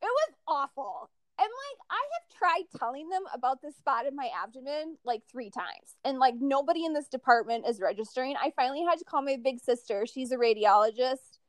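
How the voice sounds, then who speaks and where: A woman with a very high voice that leaps all over the place tells stories in casual chat. She talks with profane, animated energy and acts out everyone's lines. The recording is close and dry. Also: brisk, hardly any pauses, no room sound. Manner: animated, profane storytelling with lots of acted-out quotes.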